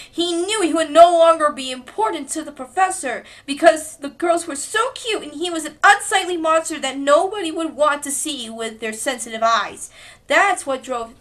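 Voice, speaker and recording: A woman's voice: sits high, fairly bright tone. A woman streamer narrating a toy role-play story, chatty and giggly, jumping between narration and character voices.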